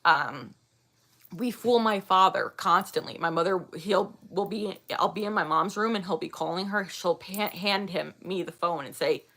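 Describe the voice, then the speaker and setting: Chatty vlogger in her thirties, bright edge to the voice, laughs a lot. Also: on the low side, moderate pace. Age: 30s. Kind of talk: casual chat reading viewer comments.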